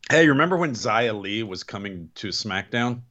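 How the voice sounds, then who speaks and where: Lively, bright-voiced man joking around. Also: on the low side, moderate pace, lo-fi sound. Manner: joking, mimics people in silly voices. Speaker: podcast co-host. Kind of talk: casual chat recapping wrestling.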